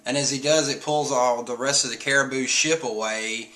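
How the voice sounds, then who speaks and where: A man's voice: medium pitch, steady tone, moderate pace, pushed and bright. A man casually recapping a comic chapter in a chatty way, laughing now and then. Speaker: comic reviewer.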